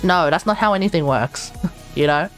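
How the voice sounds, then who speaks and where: A woman's voice: low voice, moderate pace. Ranting woman streamer, faint music behind. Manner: ranting, animated, laughs often. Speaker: live streamer. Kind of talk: casual stream chat.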